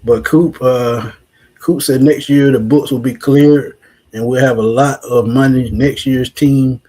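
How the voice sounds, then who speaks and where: A man's voice: mid-range voice, fairly even intonation, measured pace, warm tone, low-quality recording. A man, co-hosting a casual sports talk show and musing back on what he has seen. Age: 40s. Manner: reflective, repeats "like I said".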